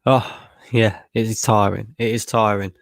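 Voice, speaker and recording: A man's voice: fairly low pitch, level tone, moderate pace, vocal fry, no room sound, studio quality. A man streaming a live match watchalong, tired after a long work shift and bluntly frustrated, swearing freely. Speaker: fan channel streamer.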